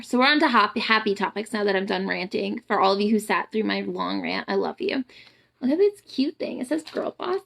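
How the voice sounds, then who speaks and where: Blunt, profane woman with a gravelly edge. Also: mid-range voice, slight background noise. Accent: Southern US. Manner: blunt, profane, ranting, emphatic. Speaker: boudoir photographer and empowerment coach. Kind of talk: casual live-stream pep talk.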